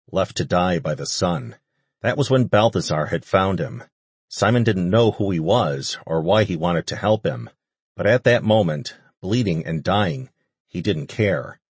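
A man reading an audiobook as narrator, in a steady, measured way. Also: low voice, slightly rough, dry recording. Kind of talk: scripted narration.

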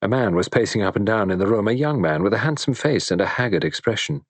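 A man with a low voice narrates an audiobook in a measured, even way. The recording is close and dry, with no room sound. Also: no echo.

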